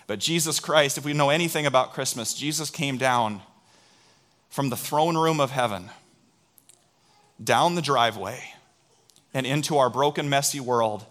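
A middle-aged male pastor preaching a sermon, telling stories in an animated way and drawing in the congregation. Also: mid-range voice.

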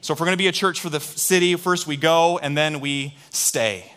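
A middle-aged male pastor preaching a sermon, telling stories in an animated way and drawing in the congregation. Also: on the high side, fairly quick.

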